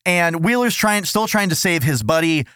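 A man hosting a comedic podcast, talking in an animated, sarcastic way. His voice is a little high and swings widely. The sound is dry and close. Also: normal speed, smooth, dry recording. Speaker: podcast host. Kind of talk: casual comedic chat.

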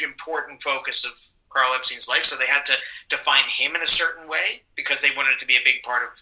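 Man, New York accent, very bright voice, rambling, casual interview guest. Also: fairly high pitch, poor audio. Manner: rambling, self-correcting anecdotes. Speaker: actor guest.

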